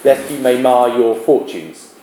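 A man's voice: medium pitch, lively intonation, a little slow, dark tone, echoey room, slight background noise, lightly acted, rough recording. A man reading as an anxious old king. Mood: coaxing. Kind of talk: reading a play aloud.

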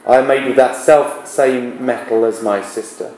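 A man reading aloud the part of an eloquent, flattering young royal woman, in an echoey classroom. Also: medium pitch, moderate pace, a little hiss or hum, natural voice. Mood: declaiming.

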